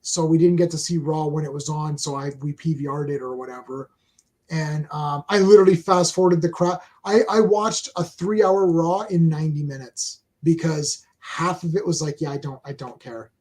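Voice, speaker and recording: A man's voice: on the high side, moderate pace, a little mellow. A man from Canada co-hosting a casual chat, rambling and sarcastic, often repeating himself. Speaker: co-host.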